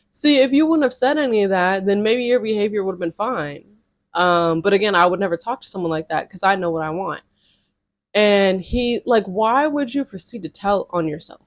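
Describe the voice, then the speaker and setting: A woman's voice: mid-range voice, normal speed, dry recording. A young woman with a mid-range voice tells a dating storytime to her followers, sassy and blunt, full of slang and strong reactions. Her voice is recorded close and dry, with no room sound around it. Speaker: storytime vlogger. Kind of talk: casual storytelling to camera.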